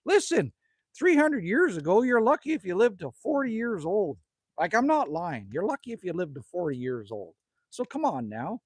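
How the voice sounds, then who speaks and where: A man's voice: high voice, very animated, moderate pace, husky, dry recording. A middle-aged man from Canada hosting a casual live stream outdoors at his rural cabin, ranting, joking and greeting viewers by name. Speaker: livestream host.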